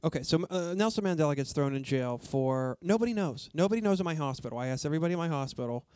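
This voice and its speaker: A man's voice: on the high side, expressive, quick pace, a little mellow, smooth, dry recording, clean studio sound. An American man hosting a casual interview, joking at his own expense and asking plain questions. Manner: jokey, self-deprecating, asks plain questions. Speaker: podcast host.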